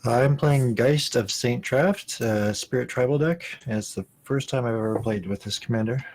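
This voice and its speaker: A man's voice: medium pitch, normal speed, a little mellow. A man playing a card game with friends, speaking hesitantly. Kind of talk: casual chat while playing a card game.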